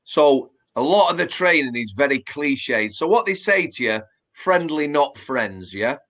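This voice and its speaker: A former prison officer from Yorkshire, England, chats plainly in a casual interview, his Yorkshire English full of fillers and restarts. His voice sits on the high side with lively intonation, a measured pace and a bit of brightness, though the recording is muffled.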